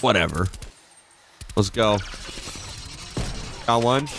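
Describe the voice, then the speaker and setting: A young man casually commenting as he plays a video game, excitable and profane, reacting out loud to the action. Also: on the low side, takes it slowly, vocal fry, music in the background. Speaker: gaming channel host. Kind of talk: casual let's-play commentary.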